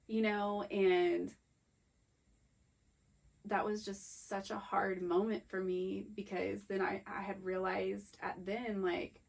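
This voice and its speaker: A woman co-hosting a podcast, candidly telling a personal story in a halting, emotional way. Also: mid-range voice, little pitch movement, gravelly, poor audio. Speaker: podcast co-host. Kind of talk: personal storytelling in casual chat.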